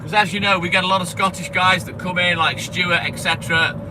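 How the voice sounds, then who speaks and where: A man's voice: high-pitched, fairly even intonation, fairly quick. Chatty sweary milkman on a noisy round. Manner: chatty, swears freely, greets chat by name. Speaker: milkman streamer. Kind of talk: casual live-stream chat while driving. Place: in a vehicle on a delivery round. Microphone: phone camera. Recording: noisy with street and car sound. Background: car and street noise.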